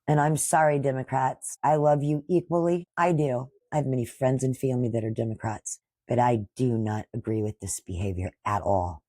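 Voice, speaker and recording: A woman in her sixties hosts a podcast, delivering a combative political monologue in a husky, slightly breathy voice. She talks at a middling pitch and scolds her targets head-on. The sound is close and dry, with no room around it. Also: moderate pace, few pauses, warm tone, no echo. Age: 60s. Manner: combative, scolding, addresses opponents directly. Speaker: podcast host.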